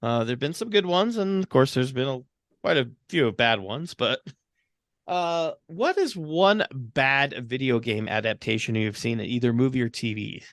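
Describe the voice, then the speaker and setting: A man's voice: mid-range voice, lively intonation, moderate pace, a bit bright, no room sound, clean studio sound. A man co-hosting a casual podcast who says uh a lot and laughs easily. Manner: many uh fillers, laughs easily, upbeat. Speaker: podcast co-host.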